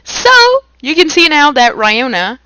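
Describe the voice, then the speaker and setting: A woman's voice: sits high, big pitch swings, a little slow, sharp tone, no room sound, rough recording. A woman co-hosting a podcast, reading a novel aloud in a casual way with acted quotes and jokey asides. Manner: reads with acted quotes, breaks off laughing.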